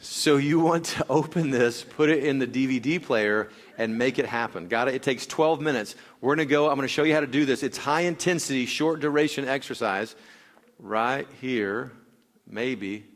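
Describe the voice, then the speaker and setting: A man speaking live to a crowd from a stage, explaining an exercise and coaching volunteers through it with shouted cues. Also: mid-range voice, normal speed. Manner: energetic, coaxing, shouts workout cues. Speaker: wellness speaker leading a workout demo.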